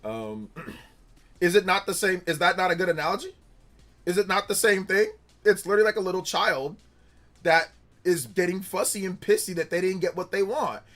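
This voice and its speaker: Young man, casual livestream host, rambling talk, reads chat aloud, animated, filler words. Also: sits high, normal speed, soft background music. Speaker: streamer host. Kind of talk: casual livestream chat reading viewer comments.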